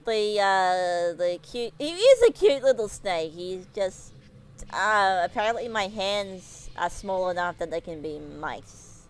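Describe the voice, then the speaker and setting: A woman's voice: medium pitch, expressive, slow pace. A woman streamer telling a story to her livestream, giggling often and rambling with many restarts. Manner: giggly, laughs often while telling stories.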